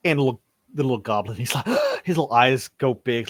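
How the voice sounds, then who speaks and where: A man's voice: medium pitch, wildly swooping pitch, a little fast, a little hiss or hum. A man narrating as game master of a tabletop game, often repeating words as he goes.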